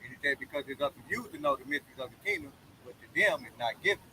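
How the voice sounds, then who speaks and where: A man, a fellow preacher, quoting scripture in a measured way outdoors. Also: medium pitch, lively intonation, bright, forceful tone, a little hiss or hum, low-quality recording.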